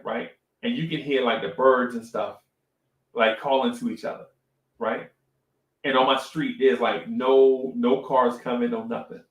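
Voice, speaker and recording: Animated middle-aged man, echoey room. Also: mid-range voice. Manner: animated storytelling, repeats phrases, says "right?" often. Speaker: podcast co-host. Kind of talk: casual live-stream talk.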